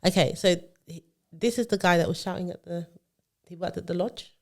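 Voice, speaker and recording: A co-host, chatting casually on a podcast. The talk rambles through a long story, stacked with fillers and self-corrections, at an ordinary middle pitch. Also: brisk, creaky. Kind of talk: casual chat.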